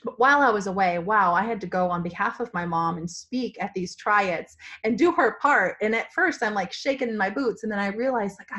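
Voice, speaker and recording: A woman from Virginia with a hoarse, partly lost voice, giving a spontaneous, rambling pep talk to her sales team from a family home. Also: medium pitch, a little fast, hardly any pauses, bright, forceful tone. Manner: enthusiastic, rambling, full of restarts. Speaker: direct-sales team leader. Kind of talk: spontaneous motivational vlog.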